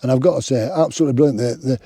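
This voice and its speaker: Rambling man, dark husky voice. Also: mid-range voice, racing, no room sound, studio quality. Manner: rambling and chatty, many restarts and fillers. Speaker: hiking vlogger. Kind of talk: casual outdoor vlog chat. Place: outdoors on open moorland. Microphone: clip-on microphone.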